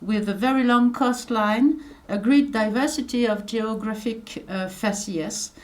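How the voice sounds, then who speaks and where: A middle-aged French-accented woman delivers a conference lecture in her second language. Her voice sits slightly high, and she moves carefully from phrase to phrase, with frequent hesitant pauses and fillers. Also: a little mellow. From France. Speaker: archaeologist giving a conference talk.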